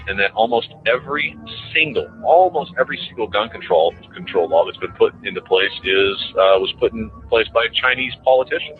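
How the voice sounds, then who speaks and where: Man ranting hard on the radio, cussing, low voice, thin phone-line sound with faint music under it. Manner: emphatic, profane, repetitive.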